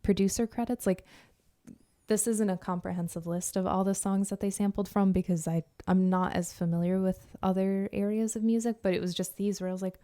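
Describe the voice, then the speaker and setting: A woman's voice: medium pitch, fairly even intonation, fairly quick, warm tone, dry recording. A woman co-hosting a casual podcast chat, talking about music in an enthusiastic, chatty way with lots of fillers. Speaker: podcast co-host.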